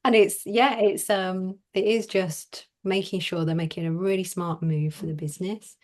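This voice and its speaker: A middle-aged woman business coach chatting in an interview, animated and laughing often. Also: lowish voice, moderate pace. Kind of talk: casual interview conversation.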